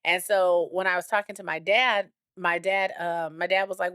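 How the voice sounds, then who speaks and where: A woman's voice: fairly low pitch, fairly even intonation, moderate pace, few pauses, fairly bright tone, smooth, dry recording, studio quality. A woman in her thirties co-hosting a podcast, chatting candidly and telling a family story with quoted voices. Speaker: podcast co-host. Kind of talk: casual chat.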